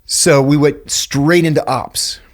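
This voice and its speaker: A man's voice: a little high, slow. A middle-aged man from western Pennsylvania, telling stories as a podcast guest and acting out quotes. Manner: animated anecdotes with acted-out quotes. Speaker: podcast guest, former intelligence officer. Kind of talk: storytelling in a conversational interview.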